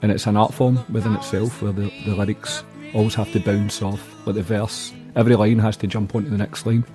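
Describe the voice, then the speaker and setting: A man's voice: fairly low pitch, level tone, fairly quick, over music. A man with a Glaswegian accent, talking bluntly and plainly as a musician in a casual interview. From Scotland. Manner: blunt, plainspoken, uses local slang. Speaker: musician guest.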